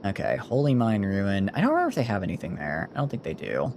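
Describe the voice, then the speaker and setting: A man with a mild Southern US accent streams a game in a chatty, rambling way, stopping often to correct himself. His voice sits fairly low but swings lively up and down as he talks. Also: quick pace, gravelly, slight background noise. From Southern United States. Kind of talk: casual gameplay commentary.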